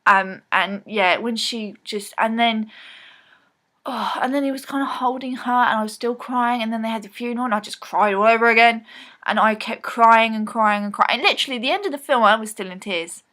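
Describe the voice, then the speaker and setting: A woman's voice: fairly high pitch, brisk, fairly bright tone. A woman talking casually to camera in a rambling film recap vlog, full of ums and restarts. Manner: rambling, chatty, lots of ums. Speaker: vlogger.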